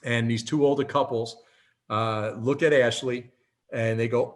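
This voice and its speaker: Man in his fifties, animated storyteller, motivational talk, medium pitch. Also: measured pace. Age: 50s. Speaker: presenter.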